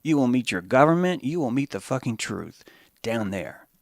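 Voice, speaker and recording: A man riffs through a podcast monologue, his pitch leaping up and down as he rambles and curses. The sound is dry and close, with no room around him. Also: moderate pace, vocal fry, no echo. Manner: profane, animated and rambling. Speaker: podcast host. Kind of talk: monologue commentary.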